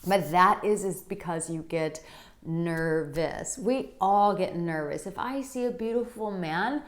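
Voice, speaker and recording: A woman dating coach talking straight to her viewers, chatty and animated as she tells a personal story. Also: fairly low pitch, measured pace. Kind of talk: direct-to-camera advice vlog.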